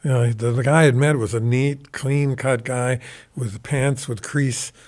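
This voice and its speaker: An older man in his seventies holds the floor in a studio, spinning a long story with loose, rambling energy. His voice sits at an ordinary middle pitch, and he drops casual swear words as he talks. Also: steady tone, measured pace, a little mellow. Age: 70s. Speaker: guest guitarist. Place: recording studio.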